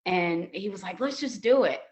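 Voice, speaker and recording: A middle-aged woman, a podcast guest, telling a casual story and acting out the quoted dialogue in a raised voice. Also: normal speed. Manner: animated, acts out quoted dialogue in higher voices.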